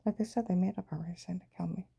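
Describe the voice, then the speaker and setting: A woman's voice: on the low side, fast talker, vocal fry, dark tone, slightly rough. A woman telling a rambling, agitated personal story, often dropping into a half whisper.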